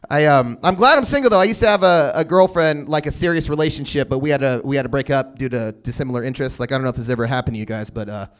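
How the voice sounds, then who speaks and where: A man in his thirties doing a stand-up comedy set, telling stories deadpan with sudden loud bursts. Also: mid-range voice, very fast, hardly any pauses, clean tone. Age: 30s. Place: comedy stage before a live audience.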